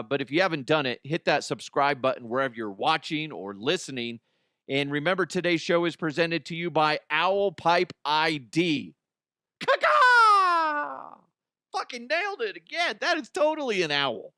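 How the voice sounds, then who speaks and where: Animated, cursing male podcast host. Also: a little high, normal speed, no room sound, studio quality. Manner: animated, swears a lot, laughs at own jokes. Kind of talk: casual comedic monologue.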